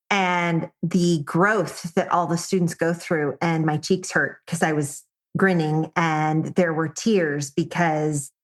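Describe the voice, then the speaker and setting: A woman co-hosting a podcast, a dog trainer who speaks in a reminiscing way. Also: low voice. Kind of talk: casual podcast chat.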